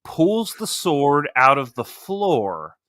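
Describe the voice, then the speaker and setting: A young adult man hosting a casual comic book review, animated, joking and swearing freely. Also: a little high, slow pace. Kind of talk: casual podcast chat.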